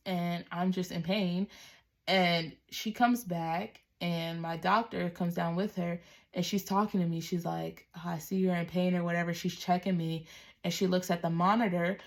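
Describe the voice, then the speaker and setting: A woman's voice: lowish voice, vocal fry. A young woman telling a personal story casually to camera, chatty and full of "like," acting out what people said. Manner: chatty, many "like"s, acts out quotes with raised voice. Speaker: mother telling her birth story.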